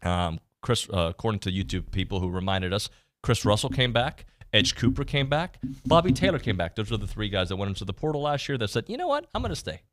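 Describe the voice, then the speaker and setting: A man's voice: on the low side, animated, fairly quick, a bit bright. A man hosting a sports radio show, bantering and teasing his co-hosts in casual chat from the studio.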